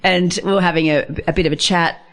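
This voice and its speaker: Woman, low voice, radio guest, no-nonsense, emphatic. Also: steady tone, quick pace, a bit bright. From Australia. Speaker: radio guest, workplace wellbeing speaker. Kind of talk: casual radio interview. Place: radio studio.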